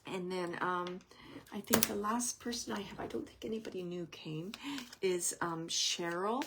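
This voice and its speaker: A woman giving a live spirit reading to an audience member, speaking gently and wandering through her impressions with soft asides. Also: on the low side, normal speed, creaky, noisy background. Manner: gentle, meandering, relays messages with soft asides.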